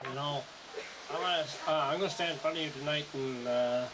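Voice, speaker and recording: A man's voice: on the high side, brisk, background noise. A middle-aged man giving a rambling, joking speech at a family gathering, often correcting himself as he goes. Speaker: son giving a presentation. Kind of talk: informal family speech with jokes.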